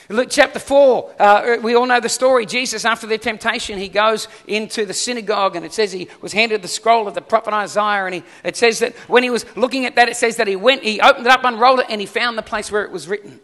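A man delivers a sermon in a very high, bright voice, speaking in a conversational way and putting frequent questions to his listeners. His voice rings out with a long reverberant tail from a large hall. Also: steady tone, fast, hardly any pauses. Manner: conversational preaching with rhetorical questions. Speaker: pastor.

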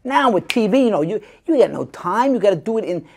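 A man's voice: high-pitched, sing-song, quick pace, gravelly, darkish tone, breathy edge. A middle-aged male actor telling stories in a casual interview, acting out the voices of people he quotes. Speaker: guest actor.

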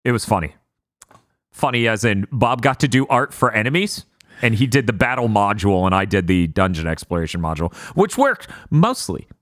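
A man hosting a podcast, telling stories in casual chat, blunt and quick to swear. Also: lowish voice, big pitch swings, fairly bright tone, no room sound, studio quality. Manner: storytelling, blunt, swears freely. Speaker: podcast host.

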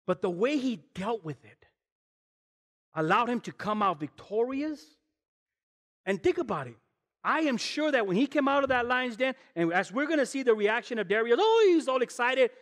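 High-voiced preacher in a reverberant church. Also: male voice, animated, normal speed, a bit bright. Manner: storytelling, acts out voices, addresses the congregation. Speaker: guest pastor. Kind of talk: animated sermon.

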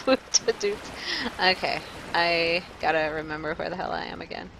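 A woman streaming live gameplay, talking to her chat in a jumpy, nervous way with quick laughs. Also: on the low side, creaky, background noise. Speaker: game streamer.

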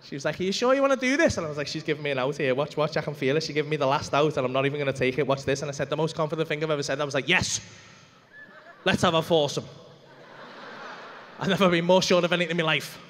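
Male stand-up, high-pitched, rapid, sweary storyteller; live club reverb, faint room noise. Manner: animated, sweary, acts out quoted voices. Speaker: stand-up comedian. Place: comedy club stage.

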